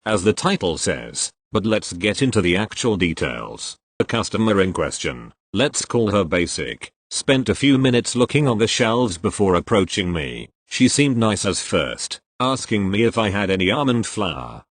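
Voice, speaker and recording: A man's voice: lowish voice, very animated, moderate pace, few pauses, dry recording. A man reading online retail stories aloud in a conversational storytelling way, adding casual asides. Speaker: narrator reading online posts.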